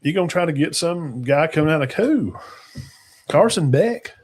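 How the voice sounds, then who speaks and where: A man's voice: a little high, lively intonation, moderate pace, a little mellow, breathy edge. A man, hosting a casual football talk show in a rambling, folksy way that trails off into mumbles. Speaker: sports talk show host.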